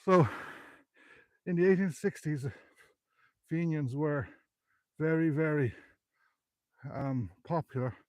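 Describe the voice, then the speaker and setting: Out of breath as he climbs a hillside graveyard, an Irish man films a live walking history vlog on a handheld phone, speaking slowly in a higher voice with frequent pauses in a dry recording. As a local history guide, he's chatty and rambling, often correcting himself.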